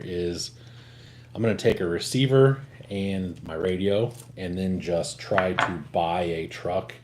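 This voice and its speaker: A man with a deep, mellow voice talks easily about his hobby, relaxed and joking, with the odd curse thrown in. A faint hiss of noise sits behind him, as if he were working at a bench on a home stream. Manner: laid-back, swears casually, joking. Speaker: co-host of a hobby livestream. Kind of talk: casual chat while working on a build.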